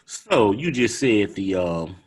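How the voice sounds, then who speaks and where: A man, co-hosting a podcast in animated, laughing casual chat. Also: on the low side, slow, husky. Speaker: podcast co-host.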